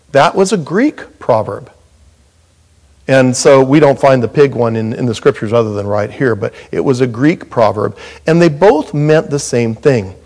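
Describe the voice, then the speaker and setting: A middle-aged man preaching a sermon as pastor, animated and jokey, with sudden loud high bursts.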